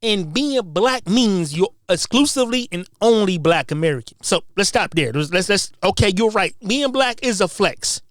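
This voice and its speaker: A woman's voice: mid-range voice, animated, normal speed, hardly any pauses, no echo, clean studio sound. A woman hosting a podcast, ranting with profanity and firing off mocking rhetorical questions, stammering repeated words as she builds up. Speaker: podcast host. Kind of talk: heated podcast rant.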